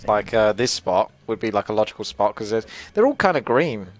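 A young man giving casual, joking gameplay commentary, chatty and quick to laugh. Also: lowish voice, big pitch swings. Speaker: gaming commentator.

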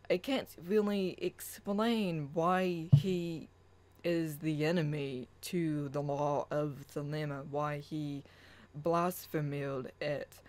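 Slow, earnest spiritual vlogger. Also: medium pitch, darkish tone, rough recording. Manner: slow, earnest, chant-like affirmations. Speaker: spiritual channel host. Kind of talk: casual spoken rant and reading aloud own writing.

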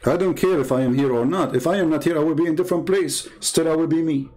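Combative Arabic-accented man, higher voice. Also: quick pace, a little mellow, poor audio. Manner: combative, mocking, name-calling. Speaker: online commentator. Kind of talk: heated political monologue.

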